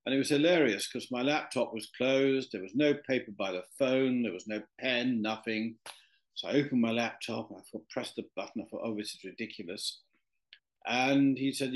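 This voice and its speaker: Guy rambling through a story in an interview, lots of uhs, mid-pitched voice. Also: moderate pace. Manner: rambling, with many fillers and restarts. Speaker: interview guest. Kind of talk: anecdotal storytelling in conversation.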